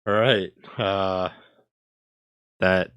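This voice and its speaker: Young guy hosting a gaming podcast, kinda low voice, rambles with lots of likes, dry close mic. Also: steady tone, drawn-out words, clear, resonant tone, no echo, lo-fi sound. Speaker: podcast host. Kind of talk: casual gaming chat.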